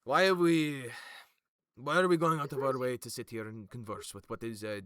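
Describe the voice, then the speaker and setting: A man voicing a short, stout, grouchy old man who complains gruffly and swears. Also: mid-range voice, normal speed, a bit bright, no room sound, studio quality, voice pushed up, close to an everyday voice. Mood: scornful. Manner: gruff, scornful, cursing.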